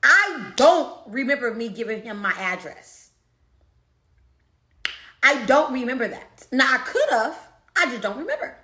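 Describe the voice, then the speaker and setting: Woman spilling a story to her viewers, bright lively voice, kinda high, echoey room. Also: a little slow, pauses often. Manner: animated, repeats herself, talks to the audience. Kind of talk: casual storytelling to camera.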